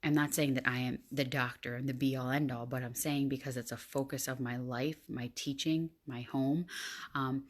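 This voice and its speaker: A woman in her thirties, a teacher and parent, talking casually to camera with lots of fillers. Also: rumbling low. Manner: chatty, many fillers. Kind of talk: casual vlog talk.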